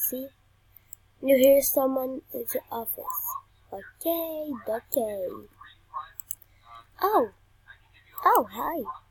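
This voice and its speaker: A woman's voice: high-pitched, a little mellow, breathy edge, dry recording, poor audio. A young woman playing a video game, reading the on-screen text aloud and chatting playfully as she plays. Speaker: gamer. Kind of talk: game commentary.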